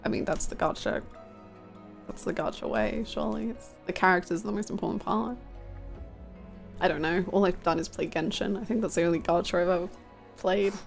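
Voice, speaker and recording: A woman's voice: lowish voice, steady tone, a little fast, gravelly, long pauses, faint music behind. A woman streaming a game live, chatting casually, self-mocking and answering her chat aloud.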